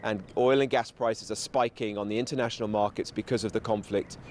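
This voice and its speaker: A man appearing as a politician guest on a radio show, laying out his case in steady, rhetorical lists. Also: on the low side, a little fast, slight background noise. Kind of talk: political talking points.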